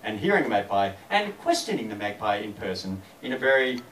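A man's voice: fairly low pitch, sing-song, a little fast, a bit bright, slight background noise. A man chatting playfully with a live audience between songs, self-deprecating and casual. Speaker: singer-songwriter performing live. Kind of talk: casual stage banter with the audience. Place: live music venue. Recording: echoey live room from far off, music behind. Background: guitar.

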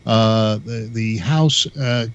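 A man's voice: on the low side, slow pace. A man calling in to a radio talk show, opinionated and wry, chuckling at his own remarks. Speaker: radio caller. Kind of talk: phone-in chat. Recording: dull, lo-fi phone line.

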